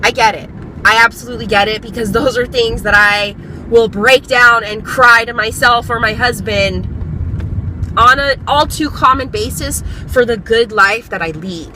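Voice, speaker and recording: A woman's voice: a little high, moderate pace, bright, forceful tone, a little hiss or hum, low-quality recording. A young woman vlogger giving a candid, earnest motivational talk, encouraging her viewers and swearing freely.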